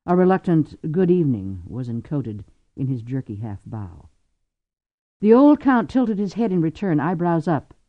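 A man narrating an audiobook in an expressive, varied reading. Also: fairly high pitch, a little slow, no room sound, dull audio. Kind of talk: scripted narration.

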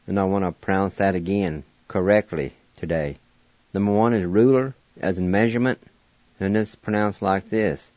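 On a radio show, a man teaching a language spells words letter by letter and pronounces them patiently in a slow lesson. His low voice, a little mellow, moves at normal speed. There is no room sound, and the highs are cut off.

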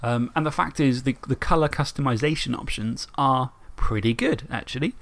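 A man's voice: medium pitch, moderate pace, gravelly, a bit bright. A man co-hosting a podcast, chatting casually and rambling, often laughing. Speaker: podcast co-host. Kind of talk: casual chat about tabletop and video games.

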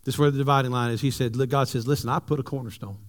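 A male pastor, preaching a sermon with animated, humorous stories for his congregation. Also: medium pitch, rapid-fire. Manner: animated storytelling, jokes with the congregation.

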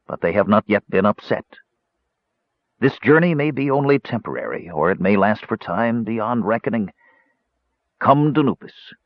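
A slow, gentle old elf cleric, weighed down by sorrow, as a man reads him in a storybook. The voice sits low but moves a lot, and the recording is dull and dry. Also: dry recording. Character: elderly sad male elf cleric, calm.

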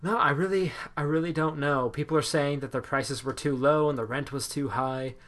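A man hosting a podcast in casual chat, upbeat and quick to laugh. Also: a little high, fairly even intonation, a bit bright. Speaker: podcast host.

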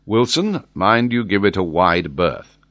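A man reading an audiobook, voicing a decisive sea captain giving crisp, firm orders. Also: low voice, big pitch swings, measured pace, fairly bright tone, no room sound, full character voice. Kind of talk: audiobook character voice.

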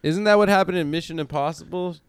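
A man's voice: high-pitched, fast, clear, resonant tone, no echo. A man co-hosting a comedy podcast in casual banter, telling long rambling stories and getting defensive when teased. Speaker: podcast co-host.

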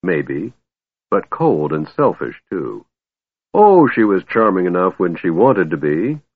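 A man doing a gruff old dwarf. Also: sits low, sing-song, takes it slowly, dry recording, narrow, tinny audio, heavily acted. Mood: bitter. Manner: gruff, snappish. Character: gruff old male dwarf, proud and grumbling.

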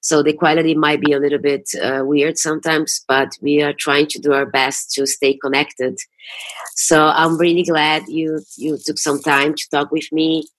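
A woman with a deep, low-pitched voice hosts a radio interview. She chats casually over a video call and leans on filler words as she talks. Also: little pitch movement, normal speed. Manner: chatty, leans on fillers like "basically". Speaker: radio host.

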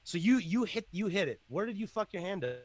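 A man hosting a casual podcast, excitable and loud, swearing often. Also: high-pitched, fairly quick, no echo. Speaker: podcast host.

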